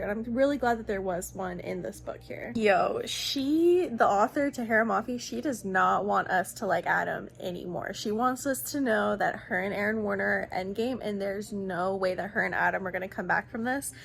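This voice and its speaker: A woman's voice: mid-range voice, fairly quick, gravelly, few pauses. A young woman chatting casually as she recaps a book series, gushing and swearing freely. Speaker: book vlogger.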